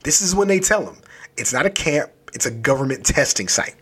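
A man casually recapping a children's horror story, loose and animated, with lots of filler words. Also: on the high side, fairly quick, slightly rough. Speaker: book reviewer.

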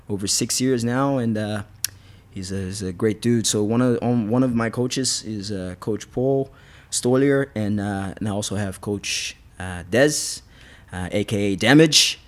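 A man, a fighter guest on a podcast, telling stories in a rambling, casual way with frequent restarts. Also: fairly low pitch. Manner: rambling, restarts, laughs often. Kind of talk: casual storytelling interview.

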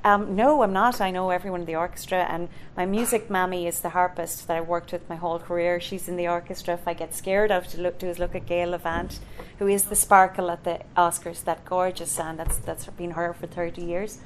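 An Irish woman, middle-aged, telling an animated story as a guest in a live interview, full of fillers and acted-out voices. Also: lowish voice, a little fast, hardly any pauses, a little hiss or hum. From Ireland. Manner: animated, acts out quoted voices, many fillers. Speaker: conductor and composer, guest.

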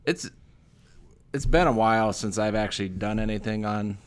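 A man's voice: lowish voice, normal speed. A man co-hosting a podcast in casual chat, rambling and sarcastic, with lots of fillers and self-deprecating jokes. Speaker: podcast co-host.

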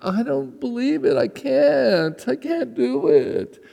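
A whiny, doubting valley girl with a high, drawn-out voice, as a man puts her on. Her complaint stretches slowly. It rings out in a hall with a long reverb. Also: sing-song, vocal fry, dark tone, full character voice.

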